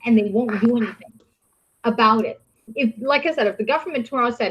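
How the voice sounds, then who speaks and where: Fairly high and fairly quick, a woman hosting a podcast-style stream delivers a profane, sarcastic, heated tirade as casual commentary, in lo-fi sound.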